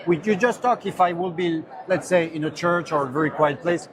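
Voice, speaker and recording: A man representing a company, earnestly explaining his product in a slightly halting way on a trade show floor. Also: a little high. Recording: loud crowd chatter behind.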